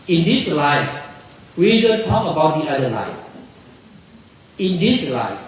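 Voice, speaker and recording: Slow, halting monk in an echoey room. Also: male voice, mid-range voice, slight background noise. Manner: halting, repeats words while searching for them. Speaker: Buddhist monk. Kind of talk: dharma talk answering questions. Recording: very echoey room, distant mic.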